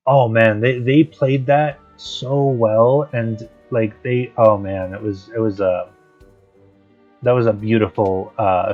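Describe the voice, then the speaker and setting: A man giving casual, rambling commentary while he plays a game, hesitant and full of restarts. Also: on the low side. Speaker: let's play streamer. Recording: dull lo-fi stream audio, faint guitar music.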